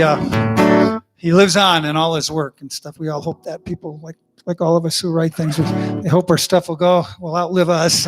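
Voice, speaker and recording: Guy rambling between songs at a home concert, kinda high voice, guitar going. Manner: rambling, folksy, full of fillers and asides. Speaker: singer-songwriter hosting an online concert. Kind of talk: casual chat between songs. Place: living room at home.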